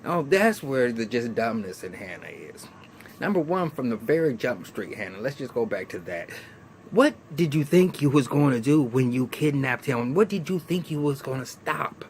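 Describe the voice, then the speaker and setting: A man's voice: medium pitch, very animated, normal speed, a little hiss or hum. Chatty man recapping a TV episode. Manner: chatty, frequent restarts, colloquial, laughs often. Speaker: TV episode reviewer. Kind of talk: casual recap and commentary.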